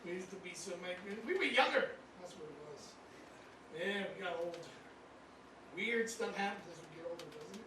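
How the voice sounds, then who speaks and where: Male comic in his fifties, high voice, teasing conversational delivery, echoey distant room sound. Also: animated, a little fast, background noise. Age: 50s. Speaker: stand-up comedian. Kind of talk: stand-up comedy set. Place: cruise ship show lounge. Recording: echoey room mic, caught from far off. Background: audience laughter.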